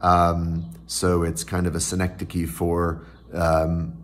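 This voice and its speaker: A male podcast host with a somewhat low voice walks through technical terms in a patient, teacherly way, reaching for everyday examples. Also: completely flat delivery, takes it slowly. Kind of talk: explanatory podcast talk.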